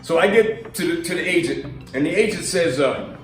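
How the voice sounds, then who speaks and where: A man's voice: fairly high pitch, animated, normal speed, echoey room, recorded from a distance, faint music behind. A man and minister giving a casual, storytelling sermon, chatty and laughing as he acts out voices in his stories. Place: live stream from a roomy space.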